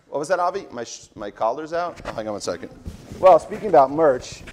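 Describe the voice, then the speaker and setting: A man's voice: fairly high pitch, expressive, fairly quick, a little mellow. A man teaching a comedic parody of a daily Talmud class, rambling and breaking off into jokey asides and corrections of himself. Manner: jokey, mock-serious.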